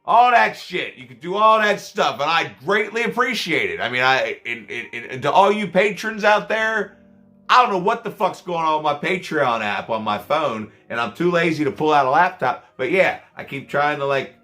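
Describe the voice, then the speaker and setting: A man tells casual stories to camera about his scare actor work, rambling, cursing and making fun of himself along the way. His voice is a little high with big swings in pitch, delivered at a normal speed in a pushed, bright way.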